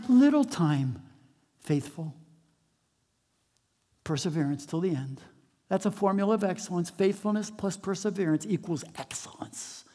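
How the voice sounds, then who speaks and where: Sermon preacher, mid pitch, dramatic loud-to-hushed dynamics, drawn-out emphasis, big hall echo. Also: animated, slightly rough. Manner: dynamic, swings between loud emphatic lines and hushed low drops; slows and stretches words for emphasis. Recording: long hall reverb.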